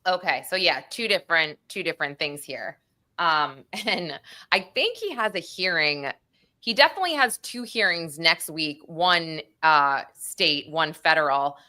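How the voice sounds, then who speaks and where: Bright, animated woman telling a story. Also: sits low, unhurried. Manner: animated storytelling, acts out quotes. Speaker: podcast co-host. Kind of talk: casual true-crime chat.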